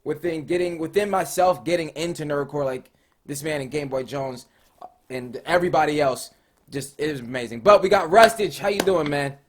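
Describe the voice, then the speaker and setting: An American man hosting a casual interview, hyped and loud with lots of slang. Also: on the high side, a little fast. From United States. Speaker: interview host.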